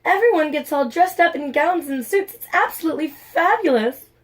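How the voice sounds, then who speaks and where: A woman voicing a posh, fussy teenage girl who calls people darling, in an affected, drawn-out way. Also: on the high side, very animated, darkish tone, pitched above the performer's own voice.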